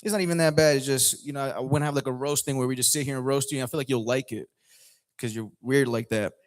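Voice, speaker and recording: A man's voice: medium pitch, fairly even intonation, fast. A man hosting an open mic comedy night, bantering playfully with the crowd on a lounge stage mic. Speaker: host.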